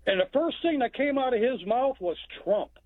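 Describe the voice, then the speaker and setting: A man from Texas calls in over a tinny phone line and tells his story plainly. His voice sits high for a man. He rambles and restarts often. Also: lively intonation, moderate pace, no echo. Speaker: caller.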